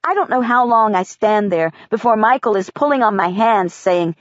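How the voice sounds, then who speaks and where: A woman's voice: medium pitch, expressive, no echo, dull audio. Woman narrating an audiobook, dry and close. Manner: measured, quiet child's-eye telling. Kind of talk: first-person audiobook narration.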